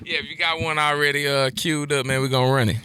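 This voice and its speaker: Radio co-host dude, chill slangy talk, real bright tone. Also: male voice, on the high side, steady tone, brisk, clean tone. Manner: easygoing, slangy. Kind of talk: casual radio hosting. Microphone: radio studio mic.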